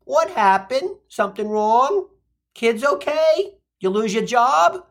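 A man's voice: extremely high pitch, sing-song, slow, a bit bright, pitched above the performer's own voice, exaggerated voice. A man voicing an anxious, nagging older mother, firing off worried questions and snapping back.

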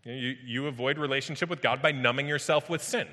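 A man's voice: medium pitch, brisk, pushed and bright. A man preaching a sermon as pastor, retelling scripture emphatically and vividly, often repeating his phrases. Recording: long hall reverb.

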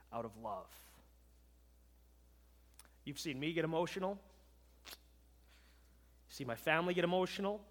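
A man who is a pastor, preaching a farewell sermon with emphasis, moving from loud declarations to hushed words and often checking in with "right?". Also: sits high. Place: church sanctuary. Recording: long reverb of a large hall.

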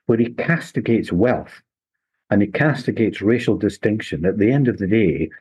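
An older man, a local historian telling history in a measured, unhurried way during an interview. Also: fairly low pitch, expressive, darkish tone, breathy edge, rough recording. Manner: measured, unhurried storytelling with small restarts. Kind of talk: relaxed storytelling interview.

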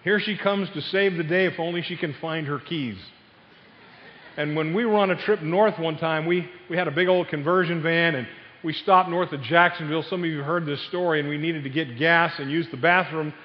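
An older man preaching a sermon, telling family stories with sudden loud outbursts. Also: a little high, steady tone, moderate pace. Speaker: pastor. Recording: dull sound with long hall reverb.

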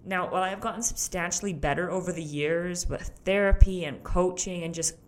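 A young woman hosts a solo podcast and speaks openly to her listener, laughing often as she talks. Her voice sits a little low. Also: a little fast. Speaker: podcast host. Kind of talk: casual solo podcast talk.

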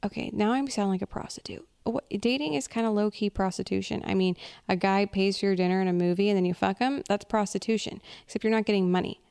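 A woman's voice: medium pitch, fairly even intonation, fast, vocal fry, a little mellow, clear, resonant tone. A young woman hosting a podcast, ranting in a blunt, profane, oversharing comic monologue. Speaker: podcast host. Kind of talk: comedic solo rant.

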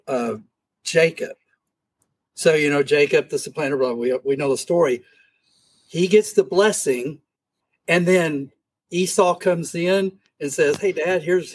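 A man leads a casual Bible study, his voice a touch high with a husky edge. He talks in an animated way, slipping into little voices as he retells the scenes. He speaks into a camera mic.

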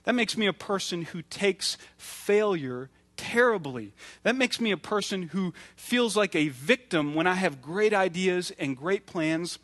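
A man's voice: high voice, expressive, unhurried, few pauses, fairly bright tone. A man in his thirties preaching a sermon in an earnest, conversational way, acting out little stories as he goes. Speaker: pastor.

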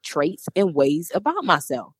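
A woman's voice: low voice, very animated, measured pace, slightly rough, dry recording, clean studio sound. Earnest woman in her thirties. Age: 30s. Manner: earnest, preacherly, repeats phrases for emphasis. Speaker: life coach guest. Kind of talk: casual interview talk.

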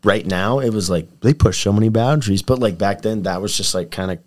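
A man co-hosting a podcast, talking in an animated, enthusiastic way. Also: fairly low pitch, a little fast. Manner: animated, enthusiastic, says dude often. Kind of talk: casual chat.

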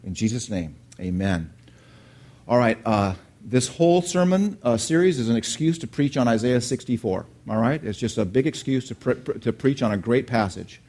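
A middle-aged male pastor preaching in an animated storytelling way. He turns to the congregation with questions and keeps the talk conversational, at an ordinary pitch for a man. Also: fairly quick. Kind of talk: sermon with personal story.

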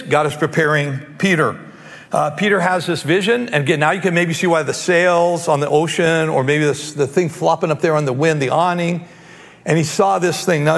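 A man preaching a sermon, animated and emphatic, reading scripture aloud and acting out its scenes. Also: on the high side, gravelly. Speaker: pastor. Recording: long hall reverb.

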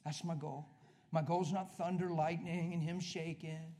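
A man preaching a sermon, telling a story and acting out both sides of a conversation, swinging from hushed talk to loud, emphatic preaching. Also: fairly high pitch, flat delivery, a little slow.

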